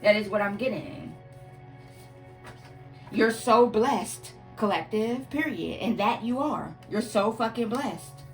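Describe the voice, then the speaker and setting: A tarot reader with a fairly high voice gives her viewers a casual reading at a slow pace, emphatic and profane, repeatedly addressing them as "y'all" and "collective." Faint music plays in the background.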